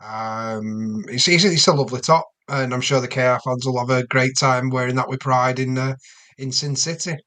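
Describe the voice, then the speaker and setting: Wry, measured male panelist. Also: medium pitch, steady tone, fairly bright tone. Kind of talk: casual panel chat.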